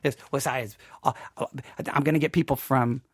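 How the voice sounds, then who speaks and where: A man's voice: medium pitch, steady tone, moderate pace, no room sound, studio quality. An American man hosting a Bible podcast, talking casually in a rambling, self-deprecating way with many restarts. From United States. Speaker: podcast host.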